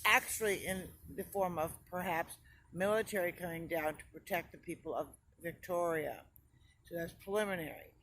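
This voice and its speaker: An older woman rambles to her phone outdoors, sounding tired and chatty. The clip carries clear outdoor noise and the close tone of a phone mic. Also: lowish voice, moderate pace, fairly bright tone. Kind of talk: self-recorded phone video message.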